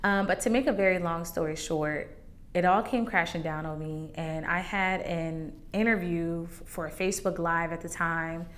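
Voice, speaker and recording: A woman's voice: fairly low pitch, fairly even intonation, normal speed, fairly bright tone. A woman hosting a faith podcast, candidly sharing a personal testimony in a conversational way that turns emotional at times. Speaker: podcast host.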